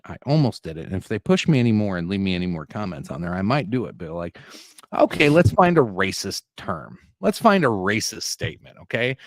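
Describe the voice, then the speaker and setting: Profane, animated ranting man. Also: medium pitch, no room sound, clean studio sound. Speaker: podcast co-host. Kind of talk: casual podcast chat.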